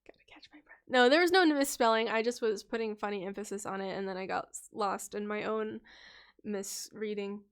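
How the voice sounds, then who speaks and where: A woman's voice: medium pitch, clean tone. A woman hosting a casual livestream, reading viewers' character stories aloud in a chatty, playful way. She laughs often, stumbles over her reading and corrects herself.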